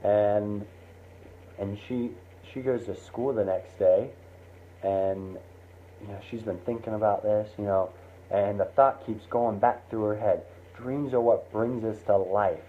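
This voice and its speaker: A man telling a casual spoken story in a rambling way with many fillers and restarts. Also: fairly low pitch. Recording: tinny phone-like line with faint hiss.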